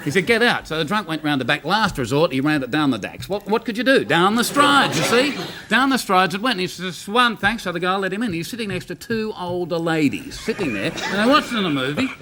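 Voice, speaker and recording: A man's voice: high-pitched, very animated, a little fast, few pauses, background noise. An Australian comedian telling a rambling joke on a live TV show, chuckling as he goes. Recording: studio audience behind.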